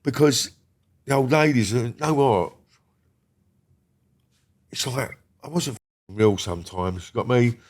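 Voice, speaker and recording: Slow and punctuated by long pauses, a mid-range male voice tells of a criminal past. He's a guest from Britain in a casual storytelling conversation, speaking bluntly and ramblingly with plenty of swearing while often making sure the listener follows.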